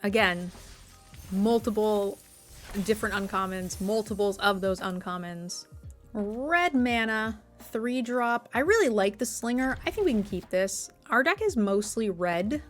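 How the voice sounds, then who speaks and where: A woman's voice: mid-range voice, lively intonation, unhurried, faint music behind. A woman streamer giving gameplay commentary, thinking aloud and playfully exasperated as she plays.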